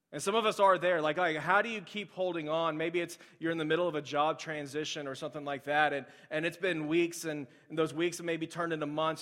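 A young man delivers a sermon at a brisk clip, talking to the room like a friend and filling it with "like"s and asides. His voice sits a little high for a man. The sound carries a long hall reverb. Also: fairly bright tone. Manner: conversational, filler-heavy with many "like"s. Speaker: pastor. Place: church auditorium.

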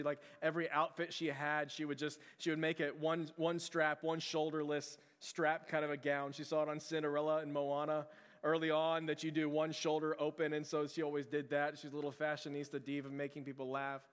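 In a church sanctuary, a pastor preaches to his congregation in a conversational, earnest way, with frequent fillers and restarts. His fairly high, bright, smooth voice is monotone and a little fast, with long hall reverb.

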